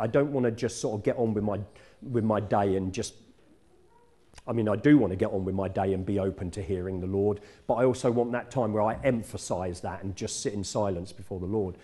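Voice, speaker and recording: Mellow-voiced man preaching conversationally. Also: lowish voice. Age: middle-aged. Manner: conversational, self-correcting, warm teaching tone. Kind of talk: sermon. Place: church.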